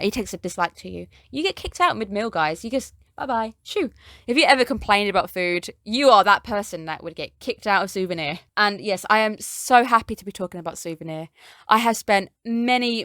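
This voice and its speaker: A woman's voice: mid-range voice, fairly bright tone, no room sound, clean studio sound. A young woman chatting casually as she reviews an anime, gushing and speaking straight to her viewers.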